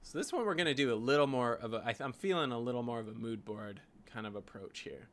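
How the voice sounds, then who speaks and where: A Canadian-accented graphic designer talks fast in a mid-range voice during a casual screen-share design vlog. He thinks aloud and rambles about his design work, peppering it with "like" and "you know."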